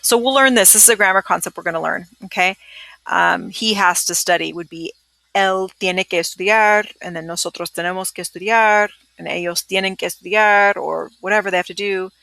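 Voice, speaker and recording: Bright, gravelly-voiced woman teaching Spanish vocabulary. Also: medium pitch. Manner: patient, repeats words slowly for students to echo. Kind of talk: recorded vocabulary lesson.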